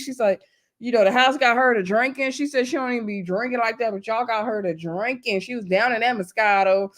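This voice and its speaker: A woman vlogger recapping a reality TV episode in a casual, gossipy, animated way, with loose slangy talk and asides to her viewers. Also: fairly high pitch, fairly quick. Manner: loose slangy speech addressing viewers as y'all.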